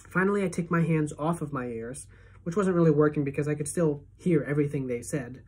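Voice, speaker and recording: A woman teacher reading a novel aloud to her class as a first-person narrator, steady and expressive. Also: sits low, brisk, slightly rough.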